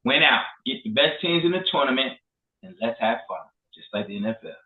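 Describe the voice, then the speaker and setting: A man co-hosting a casual sports talk show, animated and profane. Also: medium pitch, brisk. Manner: animated, profane, trash-talking. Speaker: co-host. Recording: echoey room, phone-like lo-fi.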